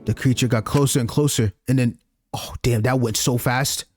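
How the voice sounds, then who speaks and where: A man streaming a video game, reacting excitedly with slang and reading the game text aloud. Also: mid-range voice, normal speed, a little hiss or hum. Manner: excitable, loud outbursts and slang. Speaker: let's play streamer. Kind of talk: gameplay commentary, reading dialogue aloud.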